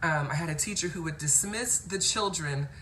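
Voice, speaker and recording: A woman from Cincinnati hosting a chatty live stream, playful and quick to laugh as she greets viewers by name. Her voice sits on the low side. Faint noise hums behind her. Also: a bit bright. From Cincinnati, Ohio. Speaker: host. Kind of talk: casual live-stream chat reading viewer comments.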